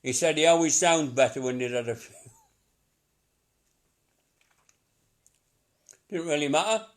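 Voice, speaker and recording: A man's voice: fairly high pitch, slow pace. Chatty, laughing middle-aged male medium. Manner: chatty, repetitive, laughing often. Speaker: psychic medium. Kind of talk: live reading to a sitter.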